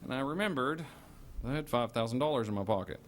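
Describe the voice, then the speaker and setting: A man telling a personal story in a lively way, stammering and restarting as he goes. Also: medium pitch, fast talker, a little hiss or hum. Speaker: storyteller giving a testimony.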